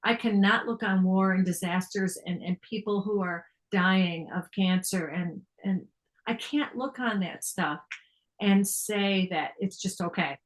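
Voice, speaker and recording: A woman's voice: mid-range voice, measured pace, low-quality recording. This is an older woman sharing thoughts on a spiritual text in a reflective talk. She reads passages aloud and explains them earnestly. She laughs easily and often starts a phrase over.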